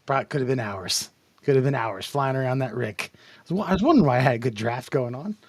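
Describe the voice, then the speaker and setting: A man's voice: mid-range voice, lively intonation, quick pace, no room sound. A man co-hosting a podcast, telling rambling, self-mocking stories in casual chat. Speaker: podcast co-host.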